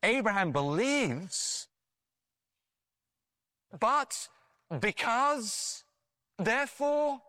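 Brief: male preacher, higher voice, very animated delivery, storytelling sermon. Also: moderate pace, dry recording, studio quality. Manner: animated storytelling with frequent restarts and "you know".

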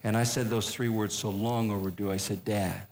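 An older man telling a humorous personal story as a speaker, folksy, with deadpan punchlines and frequent restarts. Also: lowish voice, fairly quick. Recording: echoey room with faint noise.

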